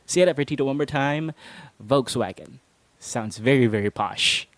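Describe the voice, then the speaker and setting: A man's voice: medium pitch, a little fast, fairly bright tone. A man hosting a casual English pronunciation lesson, playful and chuckling often as he drills listeners. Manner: playful, chuckles often, calls himself Tito. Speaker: English pronunciation teacher and host.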